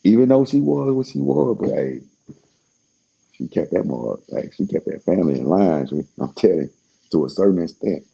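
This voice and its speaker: A man with an extremely deep, dark voice talks in a loose, rambling monologue. His tone is gravelly and husky, and he is laid-back and slangy, often trailing off into fillers. The recording sounds dull and lo-fi. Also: expressive, normal speed.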